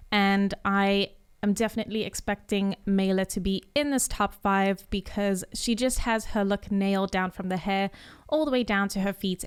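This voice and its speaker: A woman's voice: mid-range voice, clear, resonant tone. A woman host giving her top picks, speaking with enthusiasm and lots of compliments. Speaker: show host. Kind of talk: scripted predictions segment.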